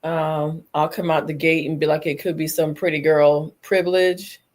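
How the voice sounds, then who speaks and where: A woman's voice: sits low, level tone, normal speed, darkish tone. A woman on a live stream panel says bluntly what she thinks. Her tone is casual and direct. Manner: blunt, opinionated. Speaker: panel guest. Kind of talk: casual opinion chat.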